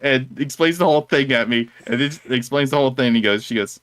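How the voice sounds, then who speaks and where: A man's voice: mid-range voice, lively intonation, brisk, a bit bright, dry recording. A man co-hosting a casual chat, telling a rambling story and laughing through it. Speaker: co-host of a discussion stream.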